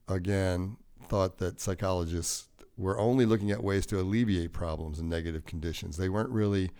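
A man co-hosting a podcast, talking in a relaxed, rambling and jokey way. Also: deep voice, creaky. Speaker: podcast co-host. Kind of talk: casual podcast chat.

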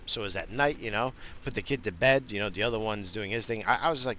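A man's voice: lowish voice, fast, few pauses, sharp tone, a little hiss or hum. A man hosting a casual solo podcast, rambling and swearing freely as he mocks himself, recorded at home on a podcast mic. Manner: rambling, profane, self-mocking. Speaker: podcast host.

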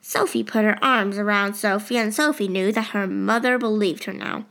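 A woman narrating a novel in a steady, expressive storytelling manner. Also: mid-range voice, moderate pace, creaky, hardly any pauses. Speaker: audiobook narrator. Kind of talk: scripted narration.

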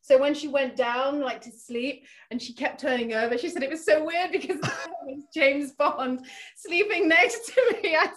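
An actress being interviewed, chatty and animated, laughing often as she tells an anecdote. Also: high-pitched, moderate pace. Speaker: actress guest. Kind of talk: casual interview chat.

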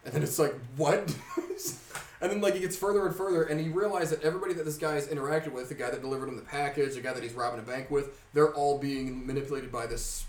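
Animated, swearing young man, off mic. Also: fairly high pitch, fast talker, far from the mic, slight background noise. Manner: animated storyteller, heavy swearing, laughs often. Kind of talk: casual chat. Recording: roomy sound from off mic.

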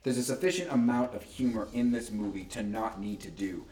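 A man chatting casually about a movie, earnest and rambling with frequent pauses and restarts. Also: lowish voice, a little mellow, echoey room, recorded from a distance. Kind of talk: casual movie review chat.

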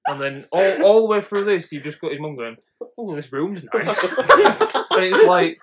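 A young man tells stories with his podcast co-hosts in a casual, animated way, often breaking into laughter. His voice sits a little high. A faint hiss of noise runs under the recording. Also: moderate pace. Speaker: podcast co-host. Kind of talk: casual chat.

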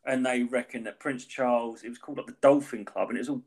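A man's voice: mid-range voice, fairly even intonation, quick pace, a little mellow, breathy edge. A man co-hosting a podcast, chatting casually in a rambling way and swearing freely. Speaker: podcast co-host. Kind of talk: casual chat.

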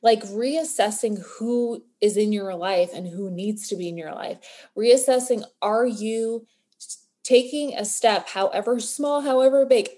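A woman's voice: fairly high pitch, unhurried, warm tone. A woman co-hosting a podcast, talking earnestly and encouragingly in casual chat. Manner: earnest, motivational, building to emotion. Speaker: podcast co-host.

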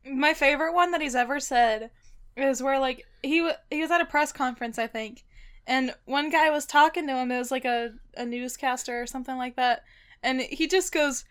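A woman's voice: sits high, moderate pace, smooth. A young woman co-hosting a podcast, telling stories in casual chat with lots of giggling. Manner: giggly, animated storytelling. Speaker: podcast co-host.

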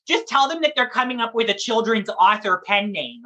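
A woman who performs in drag and reads at story time, chatting in a lively, playful interview and laughing often. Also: fairly high pitch, a little fast, few pauses.

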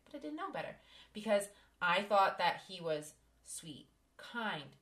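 A woman's voice: mid-range voice, big pitch swings, a little slow, fairly bright tone. A woman hosting a podcast, candidly telling a personal story with emphasis. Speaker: podcast host. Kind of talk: casual podcast conversation.

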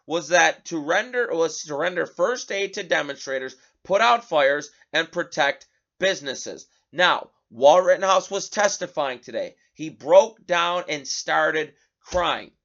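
A fairly high-voiced man hosts his own commentary show. He reads news reports aloud and keeps stopping to add sarcastic remarks. The recording sounds dull and lo-fi. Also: a bit bright. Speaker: host.

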